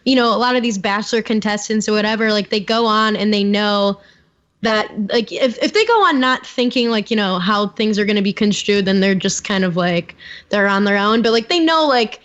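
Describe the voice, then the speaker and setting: A woman's voice: mid-range voice, a little fast, fairly bright tone, muffled recording. A woman co-hosting a podcast in friendly casual chat, agreeable and full of fillers. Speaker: podcast co-host.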